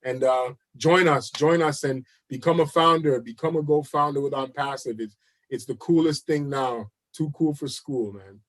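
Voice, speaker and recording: A man's voice: medium pitch, normal speed, fairly bright tone. A man as a guest on a live chat interview, upbeat and salesy, repeating words for emphasis.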